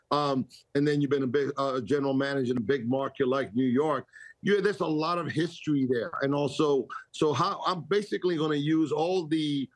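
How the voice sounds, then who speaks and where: A man's voice: medium pitch, dry recording. An older man, a guest on a casual radio interview, talks in a rambling, self-correcting way and laughs easily. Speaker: guest, baseball executive.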